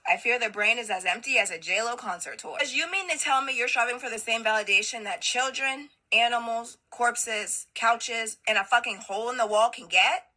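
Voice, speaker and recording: A woman's voice: fairly high pitch, normal speed, few pauses, sharp tone, rough recording. A woman hosting a reaction commentary video, roasting clips with sarcastic quips.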